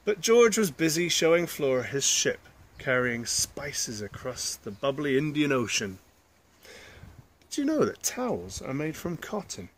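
A man's voice: on the high side, big pitch swings, measured pace. A man reading a children's picture book aloud, adding chatty asides to the listeners. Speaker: storyteller.

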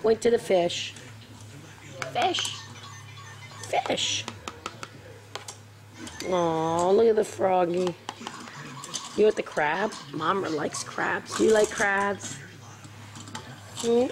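A woman's voice: medium pitch, takes it slowly, long pauses, noisy background. A mother talking baby talk to her infant son at home, coaxing him with sing-song, repetitive prompts.

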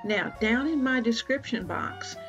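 A woman hosting a cooking video in her home kitchen, talking slowly and unhurriedly with a gravelly edge to her voice. She walks viewers through every step in a chatty, friendly way, over faint background music on slightly dull audio. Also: fairly high pitch, expressive. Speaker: cooking channel host. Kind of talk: casual cooking demonstration.

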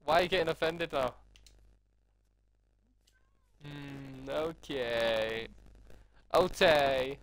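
A man's voice: mid-range voice, very slow, pauses often, fairly bright tone. A young man, streaming a game and teasing the person he plays with in a playful, laughing way. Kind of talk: casual gaming commentary.

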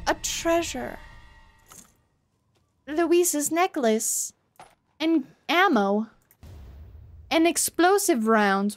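High-voiced woman streamer, jumpy and swearing. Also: expressive, extremely slow, pauses often. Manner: jumpy, swears when startled, apologetic. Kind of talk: live gameplay commentary.

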